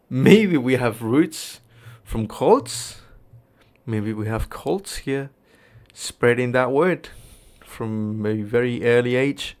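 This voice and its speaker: Slow emphatic male streamer. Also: medium pitch. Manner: emphatic, repeats words for stress. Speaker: streamer commenting on a clip. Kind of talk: reaction commentary.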